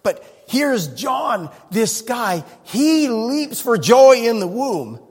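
A man preaching a sermon as a pastor, animated and humorous, often laughing. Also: extremely high pitch, slow pace, slightly rough. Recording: long reverb in a hall.

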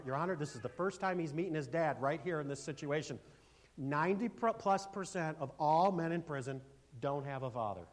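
A man preaching a sermon as pastor, speaking emphatically, asking for amens and swinging from loud declarations to hushed asides. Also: medium pitch. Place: church.

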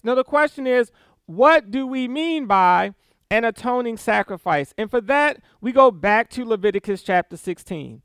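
Male preacher, high and lively, slow and deliberate, dry close sound. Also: clear, resonant tone, no echo. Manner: animated, reads scripture aloud with emphatic stresses and small laughs. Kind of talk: sermon.

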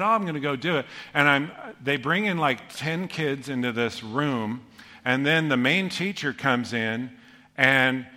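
Middle-aged male pastor with a bright, lively delivery, preaching in a reverberant hall. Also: mid-range voice. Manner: storytelling, animated, self-deprecating humor. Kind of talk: sermon.

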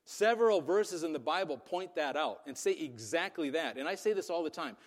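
A middle-aged man preaching a sermon in a relaxed, conversational storytelling way, with plenty of ums. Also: fairly high pitch, fairly quick. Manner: conversational storytelling with many fillers. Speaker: pastor. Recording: long reverb of a large hall.

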